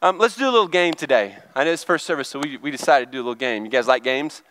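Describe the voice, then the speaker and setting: A man's voice: a little high, racing, fairly bright tone. A middle-aged male pastor giving a chatty, conversational sermon and asking the congregation questions. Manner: chatty, asks the crowd questions.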